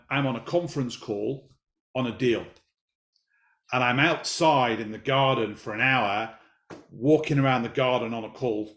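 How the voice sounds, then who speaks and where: A man's voice: medium pitch, fairly bright tone, echoey room. A man in his fifties telling a personal story in an interview, talking emphatically and repeating his key phrases. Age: 50s. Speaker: business guest.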